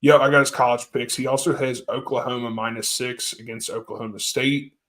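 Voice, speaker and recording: A man's voice: medium pitch, fairly even intonation, a little fast, a bit bright. Easygoing podcast host man. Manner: laughing, agreeable, passes the floor. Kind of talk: casual sports betting talk.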